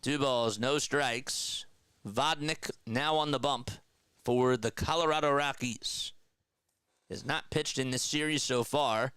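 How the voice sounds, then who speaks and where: Man, play-by-play streamer, bright and forceful voice, dry close sound, chats with viewers between calls. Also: medium pitch, slow, smooth, dry recording. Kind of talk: live baseball play-by-play with chat banter.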